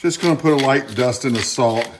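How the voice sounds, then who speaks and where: A man's voice: medium pitch, fairly quick, noisy background. A man talks his way through cooking at home in a loose, folksy ramble and drops little joking asides as he works. The kitchen rings with echo, and faint clinks of pots and dishes sit underneath. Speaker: home cook hosting a cooking channel. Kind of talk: casual cooking demonstration. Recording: echoey kitchen with clattering pots.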